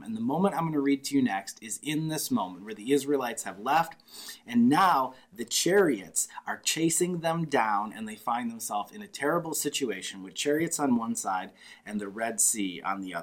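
A man preaching a sermon, retelling a scripture story with vivid, dramatic voices for the people in it. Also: mid-range voice. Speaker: pastor.

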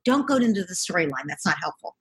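A middle-aged woman giving parenting advice in a calm, coaching way. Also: on the low side, fast talker, husky. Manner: calm, coaching, acts out parent and child lines. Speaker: parenting expert guest. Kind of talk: conversational advice.

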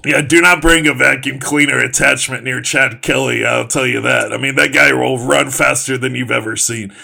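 Podcast co-host, male, gravelly and bright, sarcastic rambler. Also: medium pitch, steady tone, normal speed. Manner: rambling, sarcastic, lots of fillers. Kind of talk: casual sports chat.

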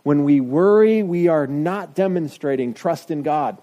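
A middle-aged man preaching a sermon in a conversational, self-deprecating way. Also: unhurried. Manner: conversational, self-deprecating, lively shifts of pitch. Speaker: pastor.

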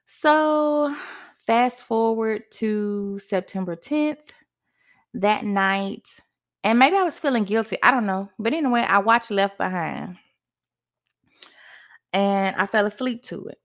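A young woman hosts a podcast and tells a personal story. Her delivery is animated, and her voice climbs sharply when she acts out her own past words. She talks like she is sharing it with a friend. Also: mid-range voice, takes it slowly, long pauses. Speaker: podcast host.

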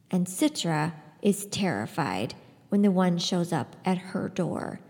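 A woman hosts a book podcast and narrates with lively storytelling emphasis. Her voice sits at a middle pitch. A long reverb trails behind her, as if recorded in a hall. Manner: expressive storytelling. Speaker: podcast host. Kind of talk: book review and reading aloud.

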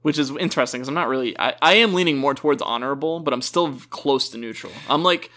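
A man's voice: mid-range voice, fast, bright, forceful tone. A young man co-hosting a casual gaming chat, rambling, correcting himself mid-sentence and laughing often. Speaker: podcast co-host.

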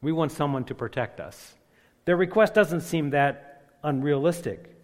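A man preaching a sermon, slowing on key phrases and building to loud emphatic peaks. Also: on the high side, expressive. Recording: long echoing reverb of a large hall.

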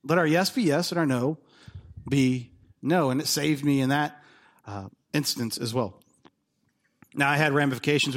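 A man in his thirties preaching a sermon, telling personal stories and acting out the dialogue in them. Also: fairly high pitch. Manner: animated storytelling, acts out dialogue. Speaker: pastor.

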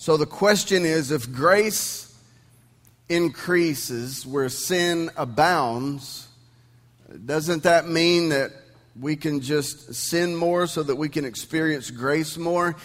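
Speaking slowly in a fairly bright, slightly high voice, an East Texan pastor preaches emphatically and conversationally, full of rhetorical questions. The sermon comes through the sound system of a church sanctuary, in a large hall.

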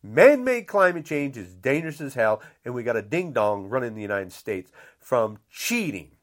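A man's voice: medium pitch, big pitch swings, normal speed. An older man delivering an angry, blunt rant, repeating himself and saying how upset he is. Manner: indignant, repetitive, blunt.

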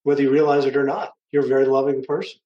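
A man who is a therapist guest on a podcast, giving calm, measured, encouraging advice in a reflective way. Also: medium pitch, reverberant, highs cut off.

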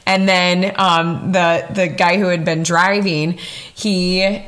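A woman's voice: fairly low pitch, level tone, takes it slowly, a bit bright. A young woman hosting a podcast and telling a personal story in a chatty, emphatic way, laughing often and swearing casually. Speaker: podcast host.

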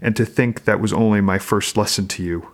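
A man reading Gudrid, a calm sharp Norse wife. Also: on the low side, a little fast, lightly acted. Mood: calm, pointed. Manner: calm, quietly pointed. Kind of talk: reading a novel passage aloud.

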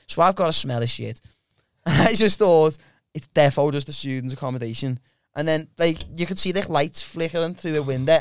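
A man's voice: a little high, a bit bright, clear, resonant tone. A man hosting a podcast, telling a crude rambling story in casual chat. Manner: rambling and crude, many restarts. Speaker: podcast host.

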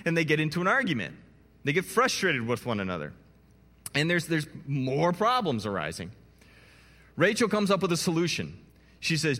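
A man preaching a sermon as a pastor, telling the story in an animated way with playful asides to his listeners. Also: a little high, normal speed. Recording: long hall reverb.

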